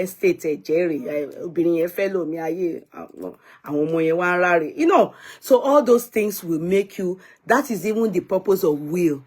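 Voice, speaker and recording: A Nigerian woman vlogger chatting casually to her viewers, answering commenters and slipping in Yoruba phrases. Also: on the low side.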